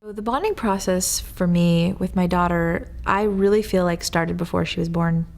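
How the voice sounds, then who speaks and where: A mother speaking calmly in an interview. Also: fairly low pitch, moderate pace, vocal fry.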